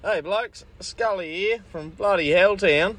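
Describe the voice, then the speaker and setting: An Australian bloke records a casual voice message for a podcast he listens to. His voice sits a little on the higher side, and he talks in a laid-back, swearing, matey way. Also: measured pace, fairly bright tone.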